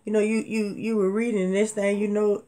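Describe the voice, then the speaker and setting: A woman's voice: mid-range voice, little pitch movement, normal speed, warm tone. A woman hosting a live online jewelry sale and Bible quiz, talking in a chatty, folksy way to her viewers. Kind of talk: casual live-stream selling with Bible trivia.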